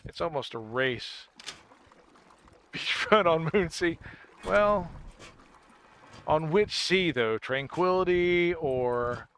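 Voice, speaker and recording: A man's voice: fairly high pitch, expressive, drawn-out words, pauses often, a bit bright, slight background noise. A man streaming a game from his computer, chatting in a rambling, jokey way and laughing at his own puns. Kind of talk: casual chat while playing a game.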